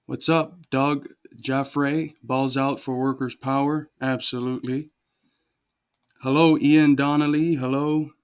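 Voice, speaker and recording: A man's voice: mid-range voice, level tone, unhurried, smooth. A man hosting a casual livestream, greeting viewers from the chat by name one after another and then explaining a holiday. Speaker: livestream host.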